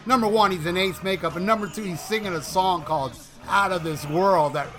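A man with a bright, tense voice set fairly high, chatting casually. He talks enthusiastically and swears readily, with faint music in the background. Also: brisk. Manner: enthusiastic, profane. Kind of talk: casual chat.

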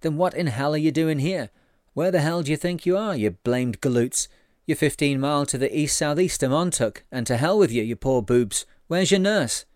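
A man's voice: on the high side, expressive, normal speed, darkish tone, no room sound, clean studio sound, voice pushed up, natural voice. A man voicing a large, angry male rum-runner who swears and scolds with scorn.

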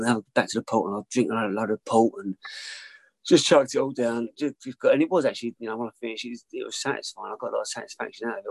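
Fast, gravelly man telling his story. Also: lowish voice, no echo, poor audio. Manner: rambling, swearing, repeats himself. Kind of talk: candid personal storytelling.

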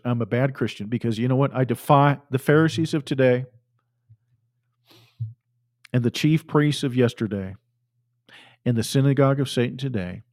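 A man's voice: medium pitch, darkish tone. A man preaching a fiery sermon, fervent and emphatic, repeating phrases for force.

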